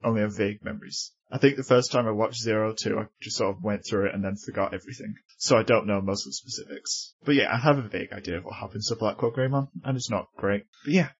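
A man's voice: on the low side, fast talker, few pauses, husky. A man co-hosting a podcast, reviewing episodes in wry, chatty talk and laughing often. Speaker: podcast co-host. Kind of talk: casual episode review chat. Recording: dull lo-fi podcast audio.

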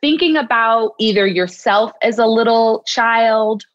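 Woman psychologist guest, gentle reassuring talk, dry muffled audio. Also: fairly high pitch, a little slow, dry recording. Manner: gentle, reassuring, acts out soothing self-talk. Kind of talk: interview conversation.

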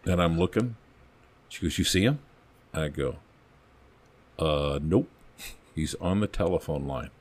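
A man with a very low, deep voice spins a small-town story in an easygoing, rambling way. He acts out the quoted lines as he tells it, in the relaxed rhythm of a podcast guest recounting his old police calls. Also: measured pace, pauses often. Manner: folksy, rambling anecdotes with acted-out quotes. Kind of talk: casual storytelling.

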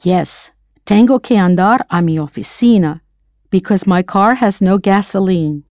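In a scripted audio language lesson, a patient, encouraging American woman prompts the listener to answer. She speaks a little slowly at a middle pitch with a darkish tone. The recording is close and dry, with no room sound.

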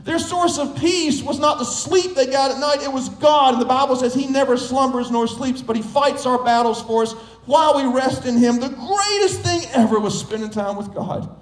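A man's voice: very high-pitched, normal speed, few pauses, reverberant, rough recording. A man preaching a sermon as pastor, emphatic and building through repetition.

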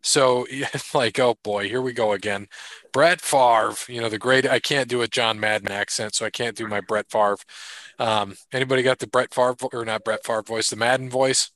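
A man's voice: medium pitch, fairly even intonation, moderate pace, a bit bright, dry recording. A man co-hosting a podcast in loose, jokey casual chat, running through sponsor thanks and sports gossip. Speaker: podcast co-host.

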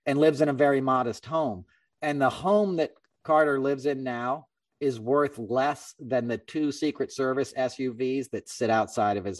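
Animated man telling a story, off-mic. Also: medium pitch, dry recording, far from the mic. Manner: animated, acts out quoted voices. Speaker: podcast host. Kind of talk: casual storytelling chat.

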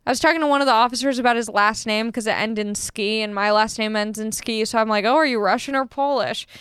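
An animated young woman recounting a story in a casual chat, swearing freely and slipping into the voices of people she quotes. Her voice sits a bit high and sounds very smooth and clear. The sound is dry, with no room echo. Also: quick pace.

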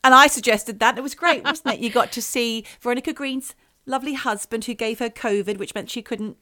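A woman's voice: fairly high pitch, a little fast, pushed and bright. A middle-aged Australian woman co-hosting a podcast in casual, chatty, jokey talk with some swearing. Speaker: podcast co-host. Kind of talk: casual chat.

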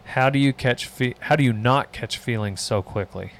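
A man's voice: mid-range voice, moderate pace, slight background noise. A man hosting a casual chat, reading out listener questions and answering with dry, joking bluntness.

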